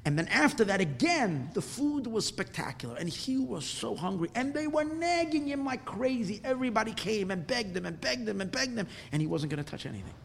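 A religious teacher telling a tale as a lesson, with animated, repetitive phrasing that swells louder at dramatic moments, then closing with a blessing. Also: male voice, high voice, a little fast, creaky, hardly any pauses, slight background noise. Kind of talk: storytelling lesson ending in a blessing.

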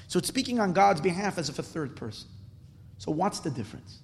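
A man's voice: sits high, big pitch swings, a little fast, vocal fry, slightly rough. A man giving a spoken Torah class, earnest and emphatic, often repeating words as he explains. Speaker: Torah teacher. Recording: long hall reverb.

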